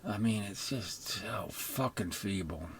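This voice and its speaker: A man's voice: fairly low pitch, slow pace, a bit bright, slight background noise. An older man ranting on camera in an unscripted, profane, mocking monologue, often slipping into sarcastic imitations of others. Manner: mimics others in put-on voices. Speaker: video commentator.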